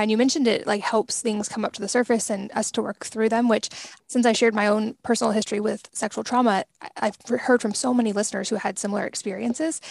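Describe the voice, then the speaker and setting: A woman's voice: mid-range voice, vocal fry, no room sound. A woman hosting a podcast interview, asking curious, rambling questions. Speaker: podcast host. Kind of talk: casual interview talk.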